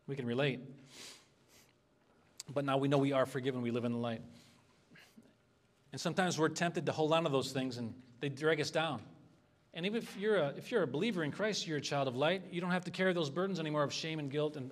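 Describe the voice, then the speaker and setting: A man's voice: a little high, fast, long pauses. A man preaching an expository sermon as a pastor, earnest and conversational, asking the congregation for responses.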